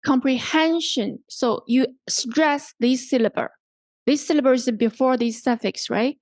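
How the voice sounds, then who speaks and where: A woman's voice: high-pitched, a little slow, darkish tone, no echo. A woman instructor giving a pronunciation workshop lecture. She repeats the example words and keeps checking in with "right?" and "okay?". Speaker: English language instructor.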